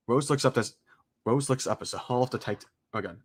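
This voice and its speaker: A man streaming a casual script read-through, excitable and exclaiming at his own slips. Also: mid-range voice, quick pace, breathy edge. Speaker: streamer reading a film script aloud.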